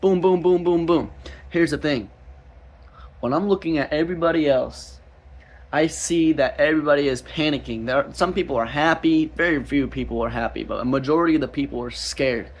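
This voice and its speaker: A young man with a slightly high voice, giving a rambling personal testimony as a street minister, with many restarts. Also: brisk.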